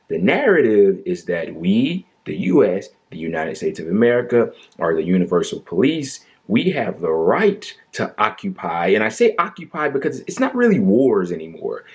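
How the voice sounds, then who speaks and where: Male commentator, low voice, sarcastic and animated, debunking a politician's claims. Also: breathy edge. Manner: mocking, exaggerated fake sorrow and sighs; animated, argumentative, incredulous.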